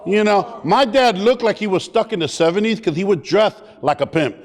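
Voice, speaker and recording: A man speaking on stage, telling a personal story in a lively, joking, animated way. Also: high-pitched, moderate pace. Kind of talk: comic personal storytelling speech. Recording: long hall reverb.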